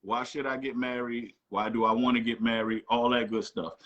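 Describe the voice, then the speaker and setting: A man's voice: medium pitch, little pitch movement, moderate pace, a bit bright, highs cut off. Playful man hosting a call-in chat. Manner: loose, playful, teasing. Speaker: host. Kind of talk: casual online call-in chat.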